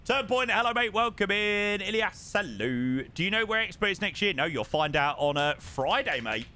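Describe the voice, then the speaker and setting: A young man with a bright, ringing tone and a lively, swooping delivery, pitched a touch high for a man. He chats casually with his viewers, reads their messages aloud and hums little tunes between thoughts. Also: normal speed. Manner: chatty, reads chat aloud and hums to himself. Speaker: flight sim streamer. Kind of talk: casual live-stream chat.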